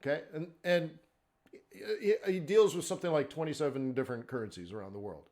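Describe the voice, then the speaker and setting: Speaking fairly quickly in a slightly high, somewhat mellow voice, this male forex instructor leads a live webinar. He keeps it conversational, asks rhetorical questions, and constantly checks in with "okay?" and "right?".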